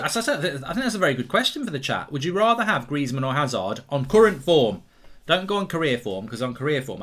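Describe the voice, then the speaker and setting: Excitable English man hosting a live stream. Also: mid-range voice. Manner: jokey, excitable, mock-newsreader bursts. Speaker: host of football watchalong. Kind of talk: casual live-stream chat.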